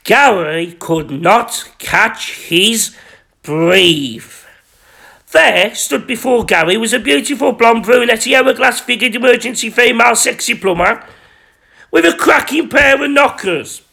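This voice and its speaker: A man hosting a podcast, reading his own erotic story in a rambling, crude, self-important deadpan. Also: very high-pitched, measured pace, creaky. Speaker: podcast host.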